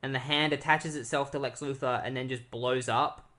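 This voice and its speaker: A man's voice: mid-range voice, steady tone, bright, forceful tone. Easygoing man casually recapping comics. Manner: loose, filler-heavy retelling with lots of "like"; slips into quick quoted voices of characters. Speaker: podcast co-host.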